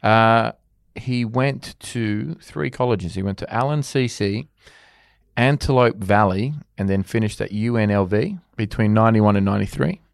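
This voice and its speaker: A man's voice: on the low side, moderate pace, gravelly, dry recording, studio quality. A man hosting a sports talk show, easygoing and running a quiz segment in casual chat. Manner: easygoing, laughs along, runs the quiz. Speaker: podcast host.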